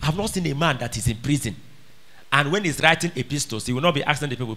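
A man's voice: mid-range voice, lively intonation, fast, pushed and bright. A man preaching a sermon, emphatic and questioning his listeners directly. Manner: emphatic, calls out questions to the congregation.

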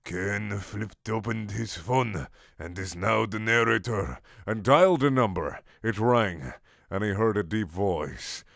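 A man's voice: fairly low pitch, slow, gravelly, a bit bright, dry recording, clean studio sound. A man doing a comic dramatic reading of a fanfic, mock-solemn with incredulous asides. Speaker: fanfic reader.

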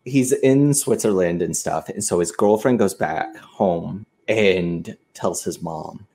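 A man's voice: low voice, slow pace, dark tone. A man co-hosting a podcast, casually retelling a story and acting out the quoted lines with plenty of swearing. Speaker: podcast co-host.

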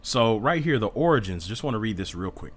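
A man's voice: on the low side, sing-song, brisk, breathy edge. A man teaching an informal Bible study in an earnest, defensive way, reading passages aloud and explaining them.

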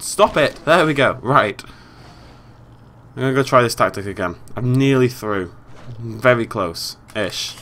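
An excitable British man commentates a video game, his voice bright and bouncing all over the place as he shifts from frustrated shouts to muttered asides. Faint hiss sits behind him. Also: mid-range voice, moderate pace. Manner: exasperated, swinging from yelling to muttering. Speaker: gameplay commentator. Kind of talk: let's play commentary.

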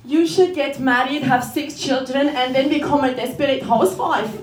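A woman's voice: high-pitched, normal speed, reverberant, far from the mic, crowd noise, pitched above the performer's own voice, lightly acted. A woman voicing her own pushy Iranian side, lecturing about marriage and children. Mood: insistent.

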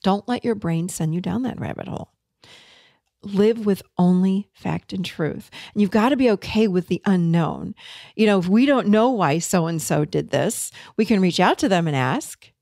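A woman's voice: medium pitch, expressive, normal speed, vocal fry, darkish tone, no room sound. Earnest podcast host woman, dry sound. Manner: earnest, conversational, acts out remembered dialogue. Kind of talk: casual teaching monologue.

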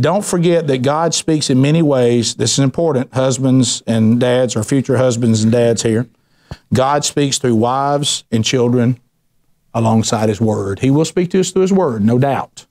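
A middle-aged man teaching a men's Bible study, telling lively stories and acting out voices. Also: medium pitch, measured pace. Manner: animated storyteller, acts out voices, ranting bursts.

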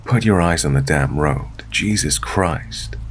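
A man voicing a menacing middle-aged ex-convict driver with a husky, slow, gruff drawl. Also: a bass voice, animated, a little hiss or hum, heavily acted.

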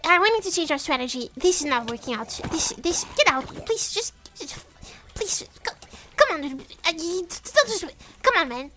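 A woman from Europe streams a game with a very high, bright voice that swoops up and down. She is excitable and keeps letting out startled shrieks. Faint game music plays behind her. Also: moderate pace, few pauses. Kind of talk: live game-stream commentary.

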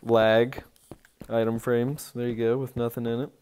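A man giving casual, rambling commentary on a tour of his game village, easily excited and breaking into sudden outbursts. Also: mid-range voice, unhurried, clear, resonant tone.

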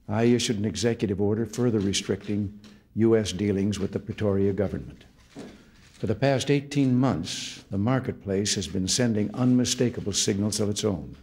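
A man in his seventies from the United States speaks at a podium in a formal state room, laying out a policy address in slow, deliberate phrases. His voice is husky and sits a little low. The delivery is that of a practiced speaker reading a prepared text. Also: a little mellow. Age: 70s. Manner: measured, deliberate oratory in short phrases. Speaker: head of state giving an address.

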